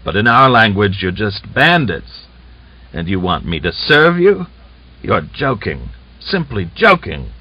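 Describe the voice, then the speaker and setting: A captured young soldier answers his captors with scornful defiance in a low, bright-edged voice, as a male narrator puts him on. The audiobook recording is dull and lo-fi. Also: big pitch swings, a little slow, husky, heavily acted.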